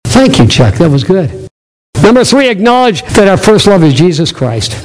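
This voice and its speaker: A man's voice: high-pitched, very animated, normal speed. A man preaching a sermon as pastor, emphatic, repeating his key phrases to drive them home. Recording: reverberant hall.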